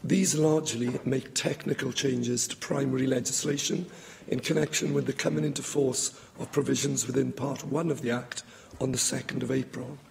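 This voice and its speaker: A male minister gives a formal speech in a debating chamber. His voice is gravelly and going hoarse, and he sounds as though he is losing it. He speaks in a steady, measured way at a middling pitch. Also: slight background noise. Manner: measured, formal delivery with a light joke. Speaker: government minister.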